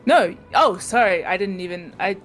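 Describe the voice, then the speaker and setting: A woman's voice: mid-range voice, expressive, normal speed, soft background music. A woman playing in a tabletop game session, chatting casually, giggling and restarting her sentences often. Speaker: player.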